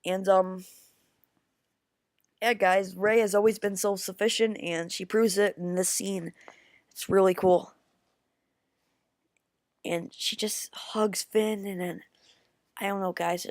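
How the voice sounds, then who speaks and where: A woman talks through a film review at a slow, unhurried pace, stumbling over restarts as her excitement runs ahead of her words. She keeps turning to her viewers as guys. Her voice sounds dry and close, with no room around it. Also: mid-range voice, no room sound. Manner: rambling, halting with many restarts. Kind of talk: casual video review.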